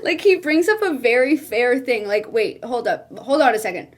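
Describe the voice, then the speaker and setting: A woman with a high-pitched voice reacts to posts she reads aloud in casual commentary. She sounds animated and incredulous and laughs often. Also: normal speed. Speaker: streamer and content creator.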